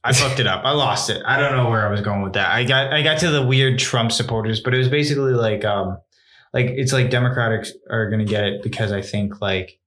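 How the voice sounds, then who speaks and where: A man's voice: mid-range voice, brisk, a bit bright. A young man co-hosting a podcast, chatting casually and rambling with lots of "like" and restarts. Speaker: podcast co-host. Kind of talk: casual chat.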